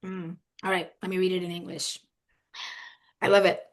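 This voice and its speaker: A woman's voice: on the low side, flat delivery, normal speed. A woman hosting a webinar discussion, conversational and affirming, often murmuring agreement. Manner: conversational, affirming with frequent mm-hmms. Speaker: host.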